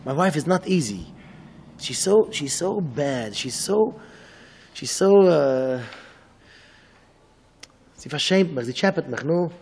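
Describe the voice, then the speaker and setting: A rabbi giving a Torah lecture in English. He speaks haltingly, repeats words and acts out back-and-forth dialogues. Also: a little high, lively intonation. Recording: long hall reverb.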